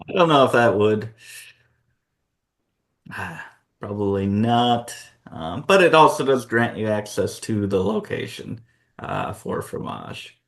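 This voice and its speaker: A man's voice: on the low side, big pitch swings, slow, long pauses, a bit bright. A man co-hosting a board game channel, chatting casually about award nominees and thinking aloud with fillers.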